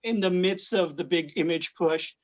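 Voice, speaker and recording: A man's voice: fairly high pitch, normal speed. A man who works in comics, chatting casually on a livestream with lots of fillers and restarts. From Philippines. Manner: rambling, many fillers and restarts. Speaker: guest comic book artist. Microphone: video call. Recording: muffled lo-fi stream audio.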